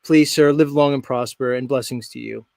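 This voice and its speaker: A man's voice: mid-range voice, fairly even intonation, moderate pace, vocal fry, a little mellow, dry recording. A man hosting a live stream show, talking in a brash, joking, rambling way. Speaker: host. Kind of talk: casual live stream chat.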